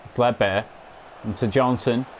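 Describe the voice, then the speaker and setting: A young man giving casual, sweary commentary on his football game, calling viewers "boys" and shouting when goals go in. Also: mid-range voice, steady tone, normal speed, crowd noise. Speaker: gaming commentator.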